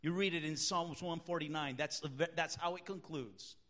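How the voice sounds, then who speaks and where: Male pastor, sermon delivery, high bright voice, emphatic with loud outbursts. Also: normal speed. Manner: emphatic preaching, swings from quiet to shouting.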